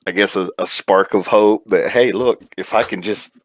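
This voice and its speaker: A man's voice: lowish voice, normal speed, no room sound. A man from South Carolina chatting casually and in a rambling, self-deprecating way as a player on a game stream. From South Carolina, USA. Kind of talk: casual chat.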